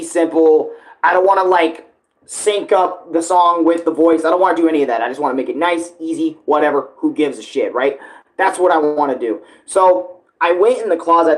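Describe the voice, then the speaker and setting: A man talking casually about making his song, rambling with lots of fillers and swearing. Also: fairly high pitch. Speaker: music creator vlogging.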